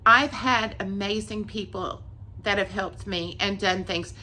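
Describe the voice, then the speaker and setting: Woman, emotional personal testimony, earnest, tearful, repetitive, bright tone. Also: medium pitch, measured pace. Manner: earnest, tearful, repeats herself. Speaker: vlogger sharing a faith testimony.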